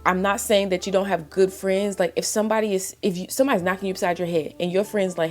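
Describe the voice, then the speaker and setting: A woman's voice: medium pitch, steady tone, fast talker, hardly any pauses, darkish tone, faint music behind. A woman giving faith-based relationship advice in a blunt, impassioned monologue, full of exasperated rhetorical questions.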